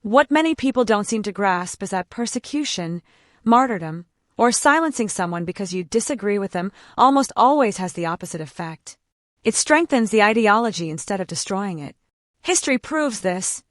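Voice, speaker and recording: A woman gives grave, measured commentary in a steady, scripted delivery. The recording is dry and close. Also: medium pitch, no echo.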